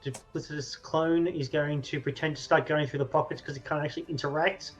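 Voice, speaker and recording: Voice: medium pitch, fairly even intonation, a little fast, muffled recording, faint music behind. A player in a tabletop game, giggly and hesitant, narrating their character's actions. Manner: giggly, hesitant, lots of fillers. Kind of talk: casual tabletop game play.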